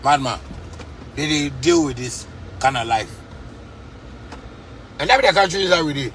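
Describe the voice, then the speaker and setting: A man's voice: a little high, expressive, moderate pace, fairly bright tone, a little hiss or hum. A man from Ghana with a Ghanaian Pidgin English accent, ranting to camera from inside a car in fiery, repetitive street talk. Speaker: musician vlogger. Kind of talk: casual rant to camera.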